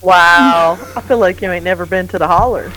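A woman's voice: fairly low pitch, moderate pace, fairly bright tone, poor audio. Lady on a video call firing back dry comebacks, slight hiss behind her. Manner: wry, mock-offended comebacks. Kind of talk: casual chat on a video call.

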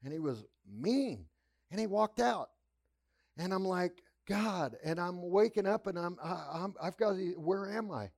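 A male pastor giving a dramatic, animated testimony in a sermon. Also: sits high, moderate pace, few pauses.

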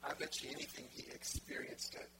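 A pastor preaching a conversational sermon, acting out little quoted exchanges as he goes. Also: brisk. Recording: loud background noise.

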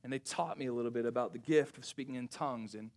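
A young adult male pastor preaches a sermon at a fast clip, telling a personal story. He animatedly acts out family dialogue with big pitch swings, then drops to quiet, intense tones at reflective moments.

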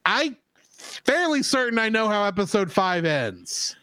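A man's voice: sits high, very animated, unhurried, bright, forceful tone, clean tone, no echo. A man co-hosting a podcast in casual chat, joking and laughing often. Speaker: podcast co-host.

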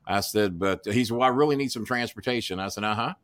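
A man's voice: fairly low pitch, fast talker, fairly bright tone, no echo, studio quality. A man telling a long story as a podcast guest, swearing freely and acting out each person's lines. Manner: profane, acts out dialogue in voices. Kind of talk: animated storytelling.

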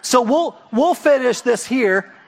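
A man preaching a sermon as a pastor, talking to the congregation in a lively, conversational way with frequent rhetorical questions. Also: very high voice, takes it slowly, creaky.

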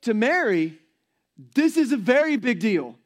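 A man's voice: very high-pitched, big pitch swings, unhurried. A man in his forties preaching a sermon as pastor, in a conversational, playful way and acting out quoted voices.

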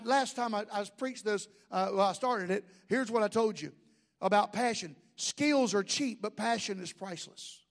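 A man, a pastor, preaching a sermon with jokes and asides to the congregation. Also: very high voice.

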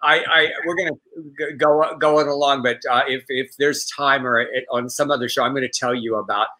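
A man co-hosting a talk show, chatting casually and telling a personal story with animated quoted voices. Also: mid-range voice, moderate pace, poor audio. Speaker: co-host.

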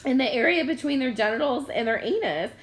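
A woman's voice: high voice, a little fast. A young adult woman co-hosting a podcast, telling stories in casual chat and laughing often. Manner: animated, laughs often, storytelling. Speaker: podcast co-host.

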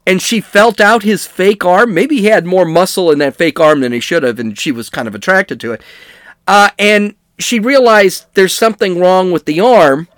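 A man's voice: sits high, a bit bright, no room sound, studio quality. A middle-aged man hosting a podcast, reading news stories and riffing on them with wry, sarcastic asides. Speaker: podcast host. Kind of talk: comedic news commentary.

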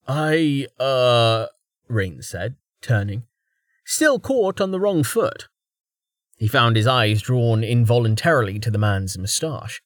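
Brief: male fantasy audiobook narrator, mid-pitch, dry close mic. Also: no echo.

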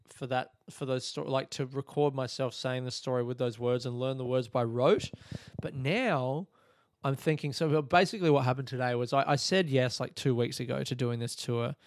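A man's voice: medium pitch, fairly even intonation, moderate pace, no room sound, clean studio sound. A tired man hosting a podcast alone in his room late at night. He rambles, yawns, swears and makes fun of himself. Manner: rambling, sleepy, profane and self-mocking. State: tired and yawning. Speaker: podcast host. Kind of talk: casual late-night monologue. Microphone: podcast microphone.

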